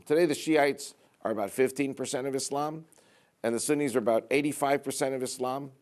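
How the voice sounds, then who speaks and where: A man's voice: medium pitch, moderate pace, darkish tone. A man giving an emphatic political speech, leaning on repeated phrases and rhetorical questions. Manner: emphatic, repetitive rhetorical delivery. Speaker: public speaker. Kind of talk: political speech to a church audience.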